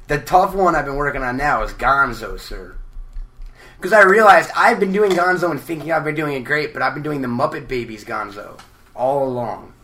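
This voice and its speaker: Energetic, bright-voiced man joking around. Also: mid-range voice, normal speed. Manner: energetic, joking, swears freely. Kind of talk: casual chat.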